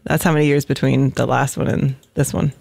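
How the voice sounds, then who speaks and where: A woman co-hosting a podcast, chatting casually and chiming in with quick, short answers. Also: extremely low pitch, steady tone, creaky, darkish tone. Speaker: podcast co-host. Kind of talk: casual chat about a TV show.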